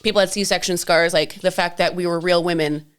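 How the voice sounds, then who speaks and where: A Canadian woman co-hosts a podcast, chatting casually and telling stories, often acting out what other people said. Her voice is lowish and clean, with fairly even intonation and a slightly quick pace.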